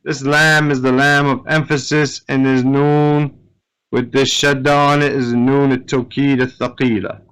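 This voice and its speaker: A man teaching a grammar class in a smooth, clear voice at a slow, unhurried pace. He breaks each rule down step by step and keeps checking with his listeners. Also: mid-range voice, flat delivery, a bit bright, rough recording. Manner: explains step by step, often checking with "right?".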